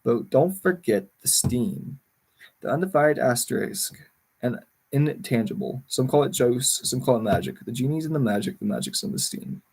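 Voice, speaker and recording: Male reader, husky, mid-pitch; reads a memoir aloud and corrects his slips. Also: very animated, normal speed, darkish tone. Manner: stumbles and corrects words as he reads. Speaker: livestreamer reading a book.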